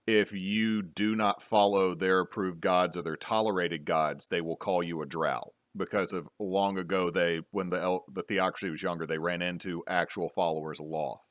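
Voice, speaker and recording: A podcast host and game master with a low, slightly bright voice leads a casual panel discussion on tabletop gaming. He talks loosely at normal speed with fairly even intonation, rambling with frequent restarts and fillers. The studio-quality recording has no room sound.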